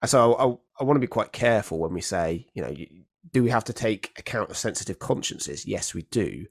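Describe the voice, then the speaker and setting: Low-voiced emphatic man. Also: animated, fairly quick, creaky, dry recording, studio quality. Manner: emphatic, explains with acted-out examples. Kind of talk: casual theological discussion.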